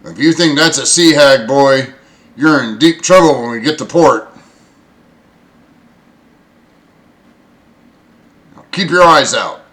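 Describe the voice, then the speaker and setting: A man voicing a gruff middle-aged ship bosun who scolds his crew. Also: low-pitched, fairly quick, a bit bright. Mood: stern.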